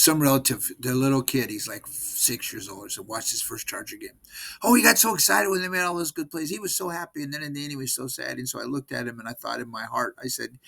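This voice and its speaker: A gravelly-voiced man in his sixties rambles through a football recap, exasperated and repeating himself. His tone is casual and fan-like, and his voice sits at an ordinary pitch. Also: bright, forceful tone. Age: 60s. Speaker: sports fan vlogger.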